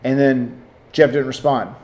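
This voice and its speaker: A man in his forties from North Carolina, a wrestler hosting his own video segment, telling stories and hyping an event with an energetic, restarting delivery. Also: mid-range voice, measured pace. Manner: energetic, hype-building promo delivery with frequent restarts. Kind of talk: casual promotional monologue and storytelling.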